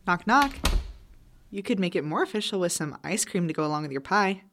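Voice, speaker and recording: A woman acting an exasperated, brisk frat sponsor in a college audio drama. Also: on the low side, lively intonation, background noise. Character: harried female frat sponsor Mrs. Coleman.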